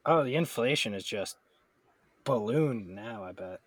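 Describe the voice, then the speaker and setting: A man's voice: medium pitch, animated, measured pace, husky, dry recording. A man co-hosting a casual podcast, rambling and joking, often laughing and swearing, with a somewhat nasal voice. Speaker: podcast co-host. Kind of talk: casual chat.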